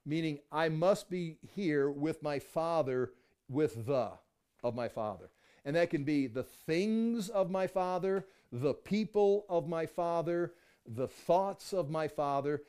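A man's voice: fairly high pitch, unhurried, warm tone. A man teaching a Bible study class, thinking aloud and restarting his sentences often as he explains a passage to the group.

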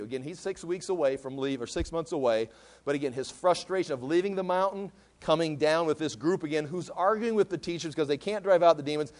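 A male pastor teaching a verse-by-verse sermon, conversational and emphatic, often stopping to correct himself. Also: on the high side.

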